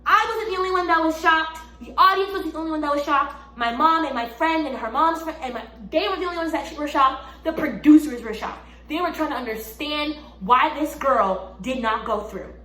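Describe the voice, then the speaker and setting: A young woman telling a storytime testimony in an animated way, repeating phrases and rising into exclamations. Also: high-pitched, a little fast, hardly any pauses. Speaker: vlogger. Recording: echoey room, faint background hum.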